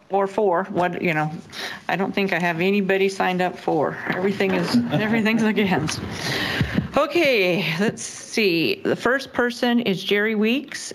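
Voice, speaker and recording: A woman's voice: medium pitch, slight background noise, low-quality recording. Plainspoken woman chairing a hearing. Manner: plainspoken, procedural. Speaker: meeting chair. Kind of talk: running a public hearing.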